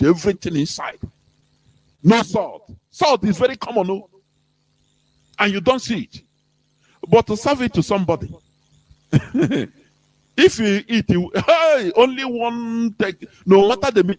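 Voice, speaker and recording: A man's voice: high-pitched, darkish tone. A man with a Nigerian accent, hosting a radio talk and making his points in an emphatic, preachy way, with laughs between them. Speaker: radio host.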